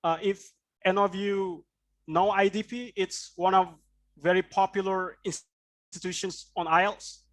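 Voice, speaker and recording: A man's voice: sits high, fairly even intonation, normal speed, a bit bright. A man teaching IELTS speaking in an online class, explaining points and checking in with "right?". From Indonesia. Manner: explanatory, with frequent "right?" tag questions.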